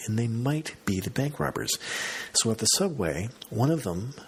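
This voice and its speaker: A man's voice: fairly low pitch, breathy edge. A man hosting a podcast, telling a long story in a casual, self-mocking monologue. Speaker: podcast host.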